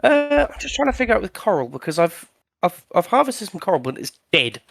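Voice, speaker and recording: A man's voice: sits high, sing-song, a little fast, gravelly. A man chatting casually in voice chat while playing a game, stumbling and restarting his sentences. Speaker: server player.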